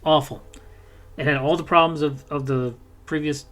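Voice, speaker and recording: A man co-hosting a casual gaming podcast, rambling and swearing, dropping into quick mocking character voices. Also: a little high, steady tone, a bit bright. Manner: rambling, profane, mimics characters in quick asides. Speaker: podcast co-host.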